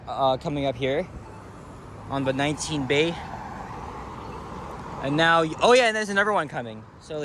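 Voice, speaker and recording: Rambling man walking a city street. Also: a little high. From Canada. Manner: rambling, filler-heavy, casual swearing. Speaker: walking vlogger. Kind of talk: casual walking commentary. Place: city street outdoors at dawn. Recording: faint street noise outdoors.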